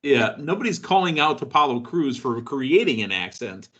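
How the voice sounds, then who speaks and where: A man's voice: mid-range voice, big pitch swings, normal speed, sharp tone, lo-fi sound. A man hosting a wrestling podcast, talking casually and joking with his co-host. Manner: chatty, joking, with fillers.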